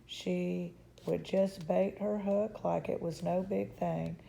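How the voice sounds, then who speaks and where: A woman reading a children's chapter book aloud in a calm, measured way. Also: fairly low pitch, gravelly, slight background noise. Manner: calm, measured, occasional restarts.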